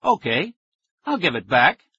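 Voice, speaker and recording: A man's voice: on the high side, very animated, unhurried, sharp tone, husky, no echo, highs cut off, voice pushed up, full character voice. A man voicing a mean schoolboy bully with a taunting, sneering manner.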